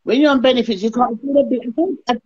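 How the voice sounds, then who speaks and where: A woman's voice: a little high, fast, slightly rough. A woman, telling her story as an interview guest and acting out other people's lines. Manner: animated, acts out others' lines. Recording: lo-fi call audio.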